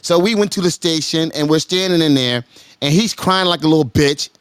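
A man at a podcast mic tells a long, animated story to his friends. He keeps repeating words, "hold up, hold up", and his pitch jumps way up whenever he plays the people in it. The sound is close and dry, with no room around him. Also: fairly quick, smooth, no echo. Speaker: podcast guest telling a story.

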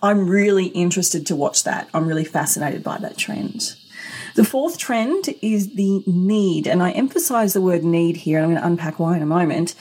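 A woman's voice: fairly low pitch, a little mellow, husky. A middle-aged woman hosting a solo business podcast, talking in an emphatic, conversational way with rhetorical questions. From Australia. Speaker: podcast host.

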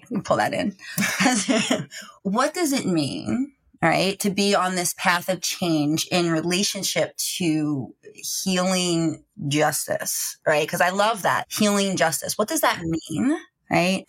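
Husky low-voiced woman co-host. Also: takes it slowly, a bit bright. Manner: reflective, laughs often, peppers speech with "right?". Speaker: podcast co-host. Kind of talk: casual conversation.

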